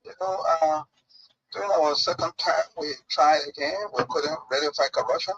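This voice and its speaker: Brief: measured, reflective woman leader, put on by a man, husky, dull broadcast sound. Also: fairly high pitch, steady tone, fairly bright tone. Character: impression of a female former president, reflective.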